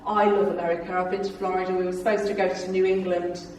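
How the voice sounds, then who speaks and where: A woman's voice: fairly low pitch, level tone, quick pace, darkish tone, slight background noise. A woman in her fifties giving a jokey, anecdotal talk to a club audience, chatting with listeners and laughing as she goes. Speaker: guest speaker at a club. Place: club meeting room. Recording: echoey room from far off.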